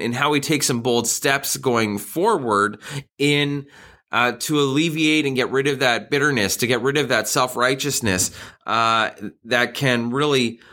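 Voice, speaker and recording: A man in middle age delivers a sermon in a relaxed, conversational tone. His voice is bright and forward, with a middle pitch. He jokes at his own expense and often restarts his phrases. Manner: conversational, self-deprecating humor with frequent restarts. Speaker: pastor.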